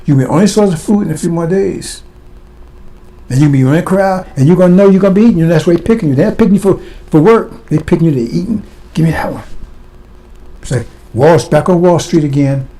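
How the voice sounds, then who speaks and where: A man's voice: fairly high pitch, fast talker, mellow. A man preaching a fiery sermon, blunt and impassioned, firing rhetorical questions at his listeners.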